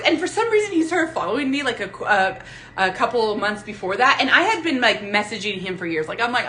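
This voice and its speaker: A woman's voice: fairly high pitch, big pitch swings, a little fast, sharp tone, slight background noise, rough recording. A young woman talking casually to her viewers on a live phone stream at home, chatty and rambling, with lots of fillers and restarts. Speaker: vlogger. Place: home room lit by a ring light.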